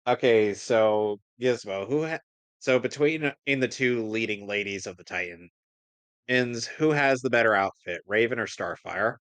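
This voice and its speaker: Lower-voiced man with dry sarcasm. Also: normal speed, fairly bright tone, no echo. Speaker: stream co-host. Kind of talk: casual reaction chat.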